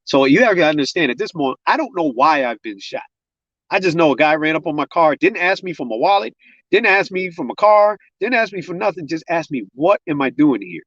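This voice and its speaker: A man's voice: fairly high pitch, expressive, fairly quick, fairly bright tone, no room sound. A man, a guest on a podcast, telling his own story of survival in vivid detail and acting out what others said, in casual spoken grammar. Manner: vivid storyteller, acts out other people's words. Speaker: guest, gun violence survivor. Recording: dull, lo-fi sound.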